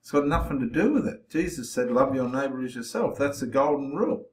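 A man's voice: mid-range voice, lively intonation, brisk. A man preaching with passion to the camera, confronting and challenging his listeners directly. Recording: roomy echo.

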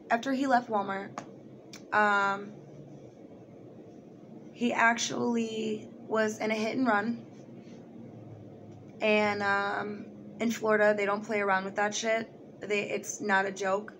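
Animated young woman telling a story. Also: medium pitch, slow, long pauses, slight background noise. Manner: animated, swearing, acts out quoted voices. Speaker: vlogger. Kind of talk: casual storytelling.

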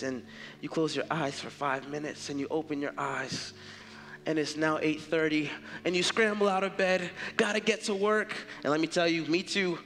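A man's voice: a little high, fairly even intonation, normal speed, a bit bright, slight background noise. A man preaching a sermon as pastor, earnest and emphatic in a conversational way. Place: church sanctuary. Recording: reverberant church hall.

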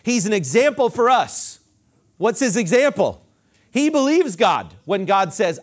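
A pastor preaching with a high, very animated voice that swoops up and down. He hammers his points home by repeating short phrases, then drops to a low, quiet voice when he quotes scripture. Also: unhurried. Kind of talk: sermon.

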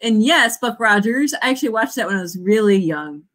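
A woman's voice: mid-range voice, lively intonation, a little fast, a bit bright. A woman in her forties, an author hosting a writing sprint livestream in a casual, bubbly way, often cheering her viewers on with whoops. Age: 40s.

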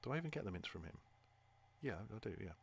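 A man's voice: on the low side, very animated, fast, a little hiss or hum. A man thinking aloud while playing a game, hesitant and muttering to himself. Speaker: gamer. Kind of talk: playthrough commentary.

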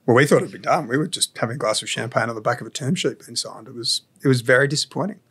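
A man, a founder guest on a podcast, explaining his business story in a measured way with frequent "you know" and "like". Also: medium pitch, fairly bright tone, breathy edge. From Australia. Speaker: entrepreneur guest. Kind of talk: reflective podcast interview.

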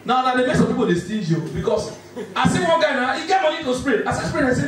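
Nigerian male stand-up, fast banter, high voice, distant mic in a roomy hall. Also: lively intonation, a little hiss or hum. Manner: rapid Pidgin-laced banter, laughing often. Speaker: stand-up comedian. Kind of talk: live stand-up comedy. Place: large indoor venue with live audience. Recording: echoey hall from far off, loud crowd.

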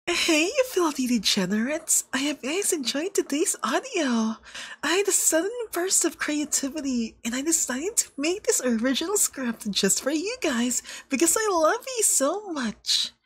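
A woman's voice: sits high, lively intonation. A woman who makes ASMR role-plays, doing a casual, bubbly sign-off to her viewers. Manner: bubbly, rapid-fire sign-off. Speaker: VTuber ASMR creator. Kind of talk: casual outro chat.

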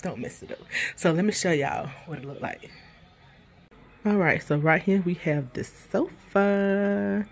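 Speaking slowly in a gravelly, medium-pitched voice, this vlogger has a stuffy nose as she films a casual home vlog. She walks viewers through her living room, addressing them as y'all, chatty and prone to saying things twice.

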